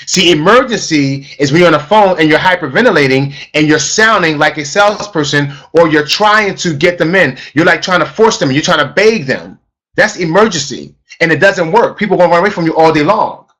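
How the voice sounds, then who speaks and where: A man's voice: a little high, expressive, brisk, fairly bright tone. A man teaching a live online sales webinar as a trainer, talking emphatically and repeating key phrases for stress.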